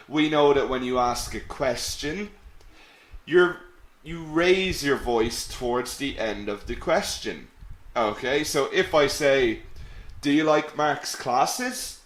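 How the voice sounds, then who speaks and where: Male English tutor, patient and unhurried, echoey room audio; webinar teacher read. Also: mid-range voice, a bit bright. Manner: patient, explanatory, reads out learner questions. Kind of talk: live webinar lesson.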